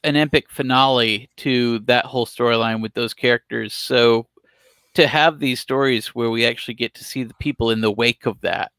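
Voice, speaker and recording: A man's voice: mid-range voice, steady tone, moderate pace, a bit bright, clean tone, no room sound. A man co-hosting a casual podcast, speaking in an earnest, thoughtful way. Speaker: podcast co-host. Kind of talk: casual chat.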